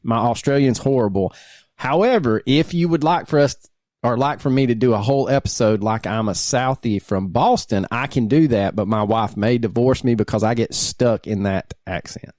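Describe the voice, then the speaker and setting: A married man co-hosting a laid-back podcast, talking in loose, rambling bursts with a laugh slipping into his sentences. His voice sits at an ordinary pitch, and the recording is close and dry, with no room sound. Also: moderate pace, darkish tone, no room sound. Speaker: podcast co-host. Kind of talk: casual podcast banter.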